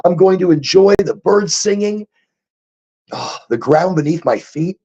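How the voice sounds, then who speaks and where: A man hosting a casual livestream chat, high and rambling, repeating himself and chuckling at his own jokes. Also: expressive, a little slow, creaky, highs cut off. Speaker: podcast host.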